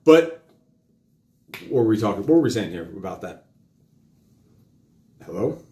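A middle-aged man hosting a live talk show, lecturing his child in a fast, rambling way full of questions. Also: on the low side, sing-song, dark tone, a little hiss or hum. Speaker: host. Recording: roomy echo.

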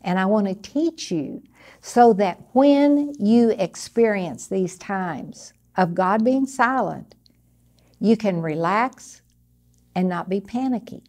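An older woman giving a conversational sermon, teaching earnestly from personal experience in a steady, plain way. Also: medium pitch, takes it slowly. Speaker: Bible teacher.

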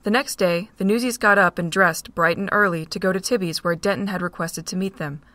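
Woman narrator, fan audio drama, steady storytelling, lowish bright voice. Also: a little fast, no room sound.

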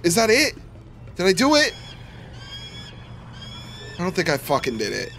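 A young man streaming a horror cooking game live, grumbling and swearing constantly, with sudden bursts of shouting. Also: high-pitched, wildly swooping pitch, unhurried, gravelly, over music. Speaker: gaming streamer. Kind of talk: live gameplay commentary.

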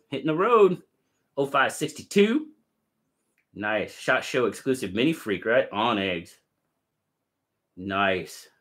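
A man's voice: mid-range voice, a bit bright. A man hosting a casual live stream, cheerfully greeting viewers by name and chatting about their gear.

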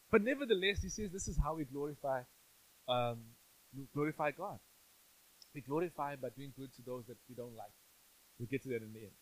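A man's voice: on the high side, low-quality recording. A male pastor giving a sermon in a church, conversational and playful, often asking the congregation questions.

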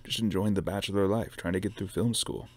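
A man's voice: deep voice, fairly even intonation, brisk, a little mellow. A man voicing an awkward, nervous young male film student in a read-aloud story. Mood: sheepish. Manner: nervous, sheepish.

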